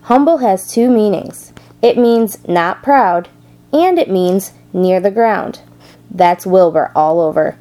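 A gentle, wise spider from a storybook, voiced by a woman reading aloud. She speaks low and soothing, with a warm, mellow tone. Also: animated, slow pace, rough recording. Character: wise, gentle female spider, calm and kind.

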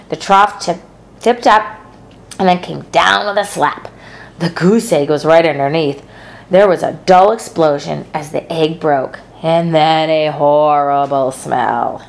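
A woman narrates a children's novel aloud. Her delivery is steady and gentle, and her voice sits a little low for a woman. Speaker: storybook narrator.

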